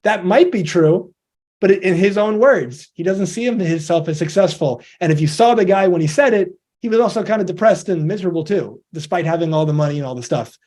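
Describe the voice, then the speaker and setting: A man's voice: high voice, brisk, a little mellow. A man giving a motivational talk in a conversational, earnest way, who acts out the voices of people he quotes. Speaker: investor education presenter.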